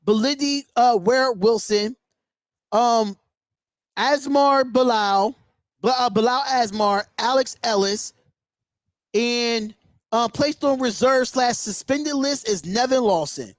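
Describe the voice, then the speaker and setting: A high-pitched man hosting a live sports call-in show, worked up and indignant, hammering the same points again and again. The sound is dry and close, with no room around it. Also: slow, no room sound. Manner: indignant, emphatic, repeats himself. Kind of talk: sports talk livestream rant.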